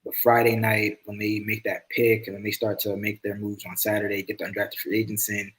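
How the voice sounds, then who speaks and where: A man from the United States, a sports reporter guest on a podcast, talking in a relaxed, easy-going way. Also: fairly low pitch, a little fast, low-quality recording. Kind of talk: casual sports chat.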